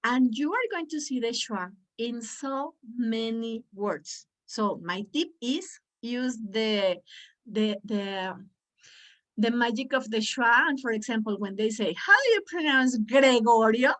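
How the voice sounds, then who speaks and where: Lively woman coaching pronunciation, slightly high voice. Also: slow. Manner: animated, coaxing, repeats words for the group. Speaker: pronunciation trainer for teachers. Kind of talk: lively online teaching workshop.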